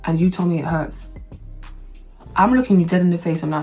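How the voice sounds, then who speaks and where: Low-voiced, sarcastic woman. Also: brisk, faint music behind. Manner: blunt, sarcastic and expressive. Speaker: vlogger. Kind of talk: animated storytime monologue.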